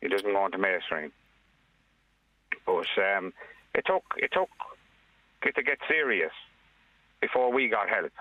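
An Irish man talks plainly and earnestly, often restarting his sentences. His voice sits a little low and comes through a narrow, phone-like line with no room sound at all. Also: animated, a little slow, long pauses, dry recording. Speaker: caller, father. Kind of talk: radio phone-in conversation. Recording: dry tinny phone line.

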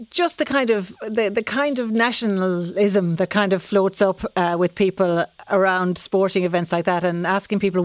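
A woman's voice: lowish voice, smooth, no echo. A woman hosting a radio phone-in, asking callers follow-up questions in an engaged manner. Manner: warm interviewer, asks follow-up questions.

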